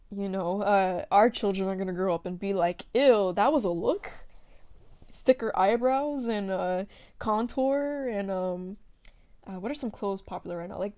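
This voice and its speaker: A woman's voice: mid-range voice, darkish tone. A young woman from the United States answering listener questions in a loose, chatty monologue, full of fillers and slang, recorded as a phone voice memo.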